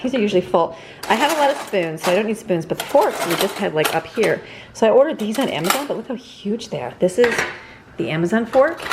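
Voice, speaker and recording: A woman's voice: mid-range voice, heavy background noise. A woman vlogging casually around her family home, chatting to viewers and her kids. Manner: chatty, talks to kids and dog while walking around. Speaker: vlogger, mother. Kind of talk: casual home vlog chat. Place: family home, kitchen and bedrooms.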